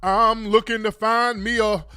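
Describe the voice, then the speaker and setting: A man's voice: high voice, level tone, unhurried, pushed and bright, clear, resonant tone, no room sound, studio quality. A man putting on the voice of a phony grown man who fakes an exaggerated, sing-song folksy drawl to mock him. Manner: mocking, overdone, sing-song.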